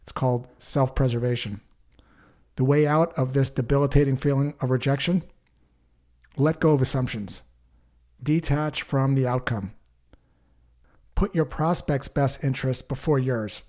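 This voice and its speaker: Calm man coaching cold calling. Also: medium pitch, moderate pace, long pauses. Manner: calm, coaching, acts out example call lines. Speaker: sales trainer. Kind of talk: instructional talk with sample call scripts.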